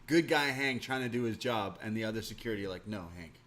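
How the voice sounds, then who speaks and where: A man co-hosts a relaxed wrestling recap chat and laughs often. Now and then he gets loud, quoting the characters from the show. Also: medium pitch, fast talker. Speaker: podcast co-host.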